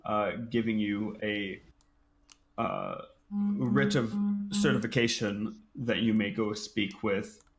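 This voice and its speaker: A man narrating a tabletop game as game master, pausing often with ums and uhs. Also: lowish voice, animated, echoey room. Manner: hesitant, many ums and uhs. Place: home room, online game.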